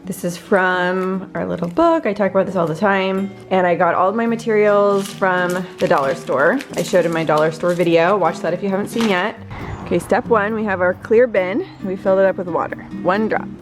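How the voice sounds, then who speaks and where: A woman's voice: medium pitch, a little fast, over music. A woman in her thirties, a chatty and upbeat vlogger who laughs easily as she talks to her viewers. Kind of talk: casual vlog chat.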